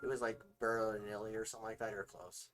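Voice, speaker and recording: A man's voice: on the low side, quick pace. A man in a casual couple's film review, laid back and easygoing. He cuts in to fix names and fill in story details, sometimes laughing as he explains. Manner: relaxed, corrects details and fills in plot points.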